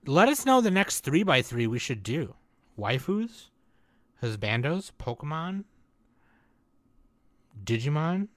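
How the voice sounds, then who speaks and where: A man's voice: a little high, very animated, takes it slowly, long pauses, dry recording. A man hosting a podcast in casual chat, loose and joking, full of "like" and "dude" fillers. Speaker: podcast host.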